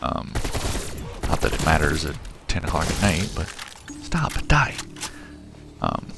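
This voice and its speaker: Low-pitched man, casual rambling streamer, over loud game music. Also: normal speed, gravelly. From Missouri, USA. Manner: rambling, self-interrupting, chatty with viewers. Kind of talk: casual chat while gaming. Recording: game music and gunfire behind.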